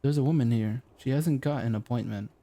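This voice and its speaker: A man's voice: medium pitch, a little fast, warm tone, lightly acted. A man voicing a young female office assistant in an audiobook, speaking earnestly and apologetically. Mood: apologetic. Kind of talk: audiobook character voice.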